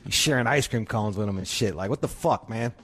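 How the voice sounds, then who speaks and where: A man's voice: fairly low pitch, fairly quick. A man hosting a radio show, riffing in a crude, profanity-laden, joking way. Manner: profane, loud, laughing. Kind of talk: crude comedic radio banter.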